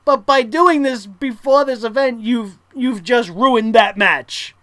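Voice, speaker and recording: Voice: mid-range voice, takes it slowly, dry recording. Sarcastic, swearing show reviewer ranting. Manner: sarcastic, blunt, swears freely; loud exasperated outbursts.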